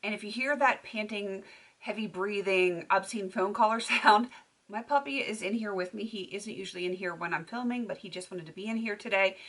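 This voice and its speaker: A woman's voice: mid-range voice, a little fast, a bit bright. A woman beauty vlogger chatting casually to camera at home, laughing often as she talks. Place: home filming room.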